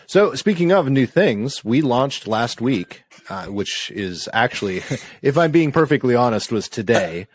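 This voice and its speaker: A man's voice: medium pitch, sing-song, a little slow, dry recording. A man co-hosting a casual podcast, trading dry, joking banter. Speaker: podcast co-host. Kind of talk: casual chat. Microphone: studio microphone.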